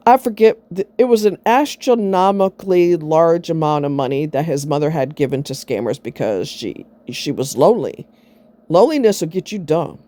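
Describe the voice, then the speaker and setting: A woman's voice: lowish voice, lively intonation, a little fast, mellow, dry recording. A middle-aged woman vlogging, telling a personal story in a blunt, sarcastic way and swearing freely.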